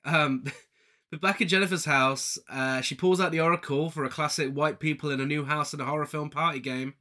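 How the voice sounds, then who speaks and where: A man's voice: a little high, steady tone, fairly quick, sharp tone. A man casually recapping a film with a co-host, joking, laughing often and acting out lines. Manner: jokey, laughs often, camp asides, acts out quotes. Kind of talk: casual chat.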